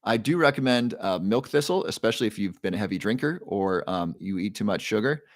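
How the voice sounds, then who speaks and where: A man with a fairly low voice, hosting a live stream in a relaxed, chatty way. He reads viewers' names and answers them one by one. The sound is dry and close, with no room echo. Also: fairly quick. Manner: relaxed, guides breathing, reads chat names aloud. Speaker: livestream host. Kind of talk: casual livestream talk, answering chat.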